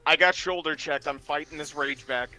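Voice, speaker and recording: A man's voice: on the high side, moderate pace, sharp tone, soft background music. A man playing a tabletop game, playful and joking. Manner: playful, cracks jokes and laughs. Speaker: player. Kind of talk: casual tabletop game chat.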